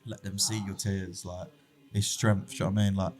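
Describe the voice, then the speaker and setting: A young man with a lowish voice, guesting on a casual podcast. He talks openly and with warmth, telling personal stories in a heartfelt, candid way. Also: level tone, fairly quick. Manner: open, candid, heartfelt storytelling. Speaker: barber shop founder, guest.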